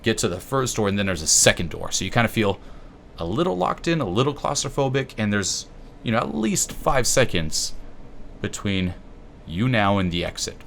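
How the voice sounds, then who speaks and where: Deep-voiced French-native guy, casual self-help talk, profane, faint background ambience. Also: big pitch swings, vocal fry, a bit bright, a little hiss or hum. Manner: loose and profane, with a slight halting quality. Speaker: YouTube host.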